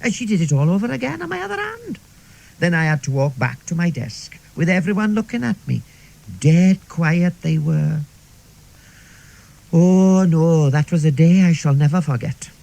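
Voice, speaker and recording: In a radio comedy monologue, a man plays a talkative Welsh woman of middle age who confides rambling anecdotes full of "like" and "see." His voice is fairly high, sing-song, gravelly and mellow at a normal pace, though the audio quality is poor.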